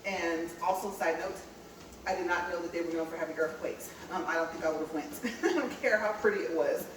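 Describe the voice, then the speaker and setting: A woman's voice: lowish voice, a little fast. A chatty woman from California tells a story to her viewers while walking on a treadmill, laughing often. Her voice rings around a very echoey room. The mic sits some distance away, with a faint hum of background noise. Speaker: vlogger.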